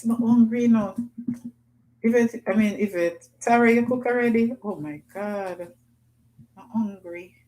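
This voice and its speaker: A woman's voice: a little high, unhurried, mellow, low-quality recording. A woman hosting a casual livestream, chatting and reading out viewer comments with patois phrasing. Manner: chatty, laughs often, Jamaican patois phrasing. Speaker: livestream host.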